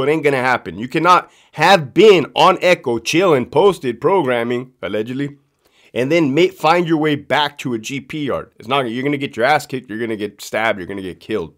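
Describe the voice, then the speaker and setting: Animated, profane male storyteller. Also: mid-range voice, moderate pace. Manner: profane, animated, laughs often; emphatic, repeats punchlines. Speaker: prison guard telling work stories. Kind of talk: casual storytelling monologue.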